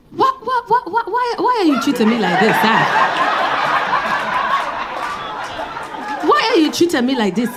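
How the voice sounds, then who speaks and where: A clumsy flattering suitor, acted by a woman, begging and gushing with a lively, swinging voice. He repeats himself and pushes on. Loud crowd laughter and hall noise sit behind him. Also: on the high side. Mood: pleading. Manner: pleading, repetitive, clumsy flattery. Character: pushy smitten male suitor, adult, flattering and pleading.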